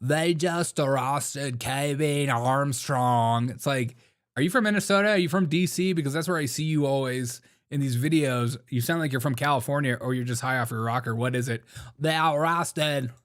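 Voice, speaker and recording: A man hosts a live stream in a casual, slangy way. He laughs often and mocks what he reacts to, at an ordinary male pitch. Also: quick pace. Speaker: live-stream show host.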